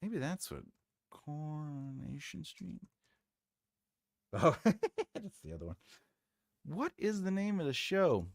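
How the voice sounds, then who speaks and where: Slow, animated man chatting on a livestream. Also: a little high, gravelly, no echo, studio quality. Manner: rambling, trails off searching for names, laughs often. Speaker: writing livestream host. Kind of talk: casual livestream chat reading comments.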